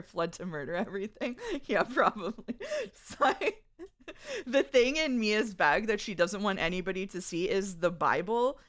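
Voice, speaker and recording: Her voice sits on the low side and has a fairly bright quality. During a relaxed live stream, the woman reads out her viewers' chat messages, chatting away and giggling frequently.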